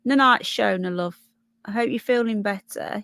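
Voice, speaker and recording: A woman's voice: medium pitch, moderate pace, a bit bright, no echo. A woman with a Brummie accent hosting a casual livestream, chatting and thinking aloud as she reads news and viewer comments. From Birmingham, England. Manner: chatty, thinks aloud, stumbles over names. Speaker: livestream host.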